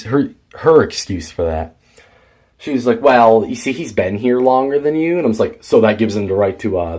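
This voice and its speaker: In this casual storytelling vlog, a teen boy speaks in a lowish, darkish, slightly rough voice. He rambles through a heated account of a workplace feud and how he quit his job.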